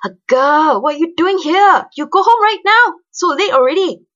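A woman voicing an angry old female ghost auntie who scolds in a high, croaking voice. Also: animated, moderate pace, a bit bright, muffled recording. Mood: scolding.

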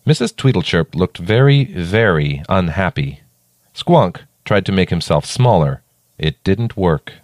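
A man narrating a children's story in a playful, expressive way. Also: low voice, unhurried, no room sound, clean studio sound.

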